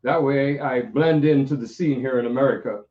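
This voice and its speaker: A man's voice: medium pitch, normal speed, lo-fi sound. An older man, reminiscing in a playful, rambling way with many restarts. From Jamaica. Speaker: pianist. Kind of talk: reminiscing monologue. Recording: echoey room, voice from far off.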